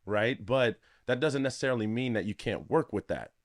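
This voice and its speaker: A man as a podcast guest, a relationship coach explaining advice in a calm, explanatory way. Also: medium pitch, fairly quick. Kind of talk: casual interview chat.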